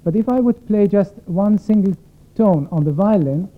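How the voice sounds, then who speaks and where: A man's voice: high-pitched, moderate pace. Man with a thin phone-like sound. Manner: reflective, explanatory, poses questions to the audience. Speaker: concert violinist addressing the audience. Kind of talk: spoken introduction at a concert. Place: concert stage before a live audience.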